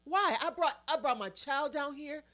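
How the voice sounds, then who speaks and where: Brief: woman podcast co-host, forceful and emotional, choked up, voice on the high side. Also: normal speed. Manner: forceful, emphatic, near tears at times. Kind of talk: emotional personal story in casual chat.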